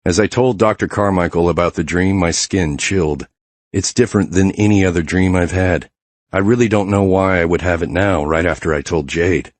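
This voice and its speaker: A man's voice: low voice, moderate pace, no room sound. A man narrating a romance audiobook in the first person, tense and introspective.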